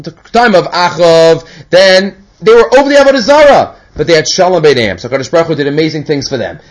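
A man's voice: sits high, rough recording. A man giving a casual Torah class, mixing Hebrew quotes into conversational English. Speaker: Torah teacher.

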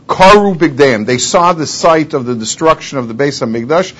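Higher-voiced man giving a Talmud lecture. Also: normal speed, fairly bright tone, breathy edge. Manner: quotes Hebrew and Aramaic, then translates; rising intensity on rhetorical questions. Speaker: Torah teacher.

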